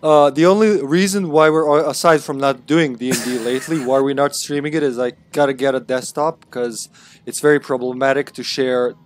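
A Welsh man co-streaming a video game, chatting loosely and laughing a lot between his lines. His voice sits in an ordinary middle pitch, and his talk is loose, jokey and sometimes crude. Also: steady tone, brisk. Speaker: co-op gaming streamer. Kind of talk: casual gaming banter.

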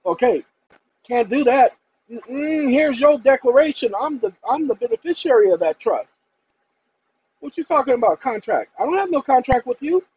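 A man's voice: very high-pitched, animated, moderate pace, a little mellow, husky, highs cut off. A man hosting his own channel, talking to viewers in an emphatic, combative, colloquial monologue. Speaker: channel host.

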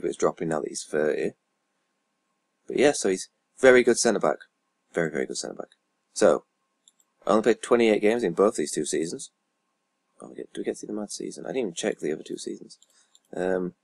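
In a dry recording, a man with a low, gravelly, darkish voice rambles through casual gameplay commentary as a YouTuber playing a football management game. Reading out stats, he swears and mutters asides under his breath.

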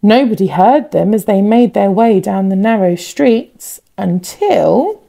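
A woman reads a children's storybook aloud, her voice warm and a little gravelly. She takes it slowly and lets her pitch rise and fall widely as she builds suspense. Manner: expressive, builds suspense with repetition. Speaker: teacher reading a picture book aloud.

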